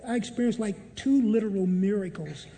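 Gravelly high-pitched guy telling his testimony, keeps saying "i said", long echo. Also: brisk, warm tone. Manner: storytelling, repeats "I said". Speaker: testimony speaker. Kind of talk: personal testimony.

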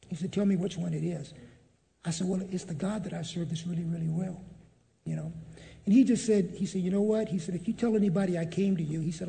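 A man's voice: high voice, a little fast, creaky, dark tone, in a large hall. A man telling a personal faith testimony in a storytelling manner, often repeating what he said. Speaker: testimony speaker.

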